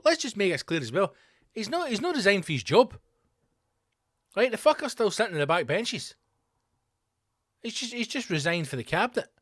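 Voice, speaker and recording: A man rants through a comedic podcast monologue, his pitch swinging wildly as he heaps sarcasm on his targets. His voice sits a touch high for a man, and the recording is close and dry. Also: no room sound. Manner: sarcastic, sweary, animated rant. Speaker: podcast host.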